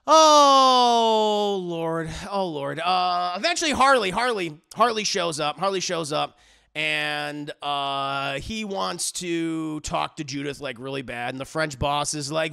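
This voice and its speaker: A man with a high, bright, gravelly voice rambles through a comic movie recap. He talks animatedly, swears often and restarts his sentences. He often breaks into loud laughter. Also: measured pace. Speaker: movie reviewer.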